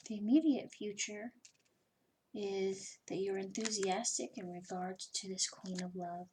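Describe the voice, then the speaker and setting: A woman's voice: medium pitch, fairly even intonation, measured pace, a little mellow, poor audio. A woman giving a casual personal tarot reading, chatty and swearing freely, with lots of "you know" fillers. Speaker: tarot reader.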